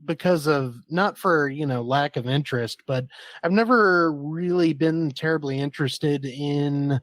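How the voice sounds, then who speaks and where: Male guest critic, hesitant and unhurried, mid-pitched voice, dry recording. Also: fairly bright tone, dry recording. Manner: halting, hesitant, restarts words. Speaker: podcast guest, film critic. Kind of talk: casual film review chat.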